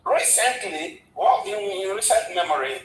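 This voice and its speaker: A man's voice: high voice, lively intonation, normal speed, a bit bright, roomy sound, rough recording. A man, a guest in a casual discussion, who stumbles and repeats words as he retells history at length. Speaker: guest commentator.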